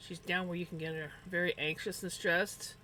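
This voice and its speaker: A woman streamer chatting casually while crafting, talking to her cats and telling animated stories about them. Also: fairly low pitch, normal speed, a little hiss or hum, low-quality recording. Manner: animated storytelling with playful voiced asides.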